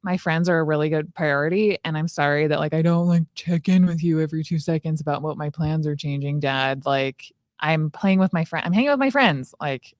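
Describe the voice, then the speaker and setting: A woman's voice: low voice, fairly quick, hardly any pauses, dry recording, clean studio sound, lightly acted. A woman playing her teenage self, arguing with her father about curfew in a role-play. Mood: resentful. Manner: eye-rolling, pleading. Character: defiant teenage girl arguing with her dad.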